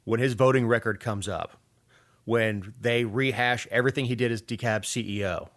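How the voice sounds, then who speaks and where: A man's voice: mid-range voice, steady tone, normal speed. A man, co-hosting a casual political podcast with wry, rambling sarcasm. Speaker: podcast co-host.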